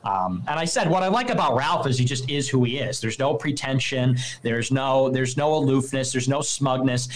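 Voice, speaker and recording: A man's voice: medium pitch, animated, normal speed, hardly any pauses, low-quality recording. A man hosting a livestream, ranting dismissively about rivals, with filler-heavy casual speech. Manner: dismissive rant, mimics opponents in mocking voices. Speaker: livestream host.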